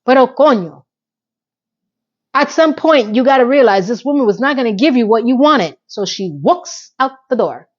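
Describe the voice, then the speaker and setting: A middle-aged woman chatting through a TV episode recap, an animated storyteller full of emphatic asides. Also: on the high side, normal speed, dull audio. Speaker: TV recap vlogger.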